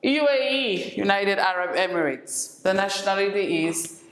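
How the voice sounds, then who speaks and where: Woman English teacher, deliberate and repetitive; roomy recording with faint hiss. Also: medium pitch, animated. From not from Senegal. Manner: slow, repeats each word for drilling. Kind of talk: classroom lesson. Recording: echoey room, faint noise.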